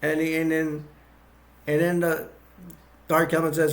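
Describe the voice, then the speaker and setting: Man, amateur movie reviewer, gravelly, slightly higher voice, halting, rambling scene recap. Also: monotone. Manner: halting and rambling, many restarts, chuckles as he goes. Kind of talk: casual scene-by-scene retelling.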